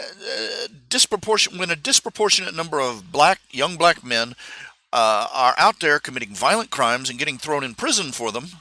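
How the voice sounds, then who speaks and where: A man hosting a live stream, talking in a casual, halting monologue full of fillers and restarts. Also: on the high side, bright, forceful tone, no echo. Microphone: streaming microphone.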